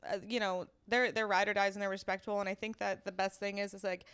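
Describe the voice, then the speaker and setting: A young adult woman co-hosting a podcast in casual chat, swearing freely and laughing often between quick bursts of talk. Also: medium pitch, level tone, fairly bright tone, smooth. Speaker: podcast co-host.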